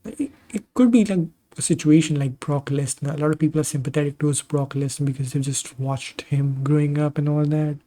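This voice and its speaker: A man's voice: fairly high pitch, brisk, hardly any pauses, dark tone. A man casually commentating video game wrestling matches, rambling off into tangents and personal asides between the calls. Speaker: gaming channel host commentating simulated matches.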